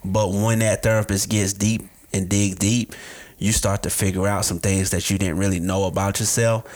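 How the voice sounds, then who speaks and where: A man's voice: fairly low pitch, normal speed. A man in casual conversation, acting out dialogue as he tells stories. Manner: animated storyteller acting out dialogue. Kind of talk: casual chat.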